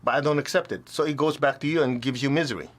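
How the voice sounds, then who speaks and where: A man voicing a calm, wise spiritual teacher. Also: medium pitch, quick pace, close to an everyday voice. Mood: calm questioning. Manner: patient, gently questioning.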